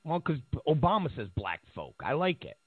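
A man's voice: a little high, big pitch swings, normal speed, slightly rough, no echo. A man hosting casual political commentary who mocks his opponents, repeats his points and laughs at his own remarks. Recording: tinny phone-like audio.

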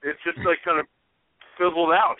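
A man's voice: fairly high pitch, fairly even intonation, normal speed, no echo. A man who is a regular panelist on a podcast, chatting casually and hesitantly, joking along. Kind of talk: casual chat. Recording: dry, tinny phone-like sound.

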